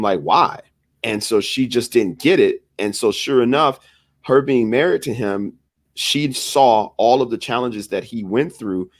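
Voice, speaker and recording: A man's voice: lowish voice, no echo, clean studio sound. A man co-hosting a podcast, telling a story in a casual chat and acting out the people he quotes. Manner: animated, acts out quoted voices. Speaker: podcast co-host.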